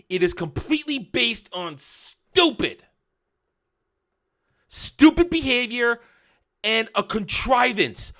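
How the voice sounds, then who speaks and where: A man ranting angrily in a show review, sarcastic and mocking, swinging from loud outbursts to low muttering.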